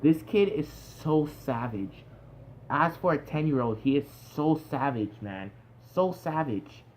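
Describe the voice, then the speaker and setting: A young man giving a casual spoken review, animated and exclamatory, full of "like" fillers. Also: fairly high pitch, measured pace. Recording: dull lo-fi sound with faint background noise.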